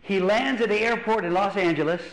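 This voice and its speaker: A man from Louisiana, a pastor doing stand-up comedy as an animated storyteller who acts out voices. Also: sits high, a little fast. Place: church hall. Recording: echoey hall.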